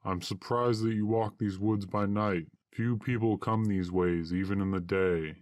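A man reading the part of a mysterious masked stranger, tall and thin, who speaks calmly and courteously in a storybook tale. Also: fairly low pitch, a little slow, dry recording, clean studio sound, close to an everyday voice.

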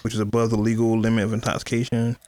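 A man's voice: lowish voice, monotone, very fast, warm tone, no echo, clean studio sound. A man co-hosting a podcast, laid-back in casual chat, slipping into mock-formal announcements. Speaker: podcast co-host.

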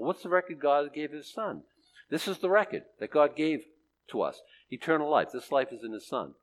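An older man preaching a sermon, swinging between loud emphatic lines and quiet asides. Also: medium pitch.

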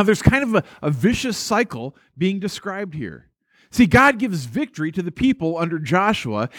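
A man preaching a sermon, telling the story in an animated way with playful asides and repeating words as he restarts. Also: sits high, dry recording, clean studio sound. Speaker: pastor.

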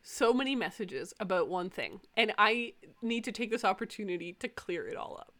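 A young woman hosting a podcast, chatting casually and ranting with animated, frequent laughter. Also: medium pitch, moderate pace. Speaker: podcast host.

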